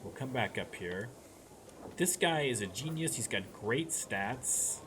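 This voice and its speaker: A man's voice: medium pitch, expressive, slow pace. A man talking through a strategy game as he plays, thinking aloud in a chatty way with many restarts. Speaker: let's play streamer. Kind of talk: gameplay commentary. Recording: noise behind the voice.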